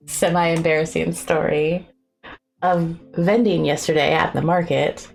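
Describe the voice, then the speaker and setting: A young woman chatting casually on a live stream, rambling and giggling often, with a self-deprecating streak. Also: on the low side. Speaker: streamer and artist.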